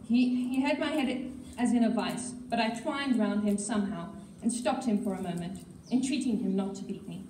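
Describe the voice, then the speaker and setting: A woman reading a novel aloud at a school assembly, steady with an occasional slip. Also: mid-range voice, normal speed, few pauses, a little hiss or hum. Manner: steady storytelling with occasional slips. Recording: echoey hall, mic far off.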